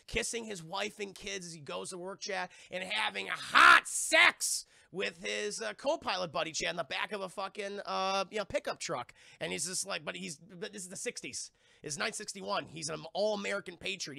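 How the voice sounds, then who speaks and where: A man with a gravelly, fry-heavy voice recaps a TV episode for his stream chat. His tone is bright and forceful, and the sound is dry and close. He rambles, swears freely and drops into quick impressions of the characters. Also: sits high, no room sound. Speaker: TV review streamer. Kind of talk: casual live-stream recap.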